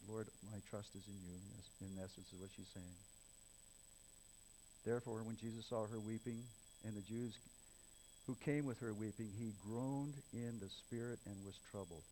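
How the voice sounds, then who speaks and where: Male preacher, mid-pitched and mellow, earnest scripture teaching with a faint hum on the recording. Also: low-quality recording. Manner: earnest, builds to emphatic raised passages, some stumbles and restarts. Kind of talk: sermon, reading and explaining scripture.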